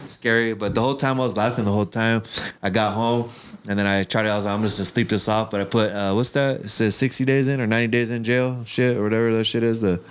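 A man's voice: lowish voice, a little hiss or hum. Laid-back, cussing young man telling stories. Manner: laid-back, heavy profanity and slang. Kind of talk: casual chat, storytelling.

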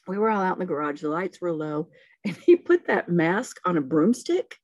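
Middle aged southern mom telling stories on a podcast, folksy and relaxed, lowish voice, dry sound. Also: female voice, normal speed, no echo. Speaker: podcast guest, the hosts' mother. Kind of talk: casual family storytelling.

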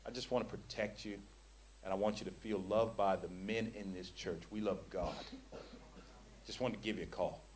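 A man putting on a hushed, syrupy church brother. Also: on the low side, expressive, moderate pace, long pauses, slight background noise, voice pushed down, lightly acted. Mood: tender. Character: overly tender male churchgoer giving compliments.

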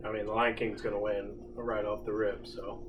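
A man appearing as a podcast guest, talking in a dry, deadpan monotone. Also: lowish voice, moderate pace, a little hiss or hum. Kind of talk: casual podcast chat.

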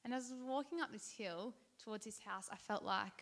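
A woman's voice: medium pitch, fairly quick, fairly bright tone. A woman giving a devotional talk, telling a personal story in a conversational, heartfelt way with fillers and restarts. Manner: earnest and heartfelt. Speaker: Christian speaker.

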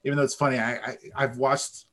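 A man co-hosting a casual podcast chat, animated and quick to swear and act out voices. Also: mid-range voice. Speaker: podcast co-host.

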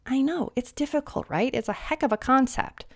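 A slightly high-pitched woman rants through a political commentary monologue, her tone sarcastic and mocking. She lectures her listeners with a touch of sniffles. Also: moderate pace, creaky. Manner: mimics opponents in shrill voices.

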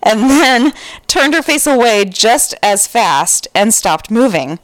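A woman's voice: fairly high pitch, very animated, slow pace, dry recording. A woman co-hosting a podcast, casually reading out listener stories and laughing between them. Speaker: podcast co-host.

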